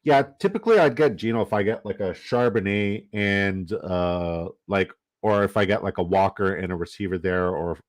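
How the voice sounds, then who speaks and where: While drafting fantasy football on a live stream, a man jokes, laughs, and trash-talks the other players in casual, profane chatter. His voice is low and his pace moderate, with few pauses.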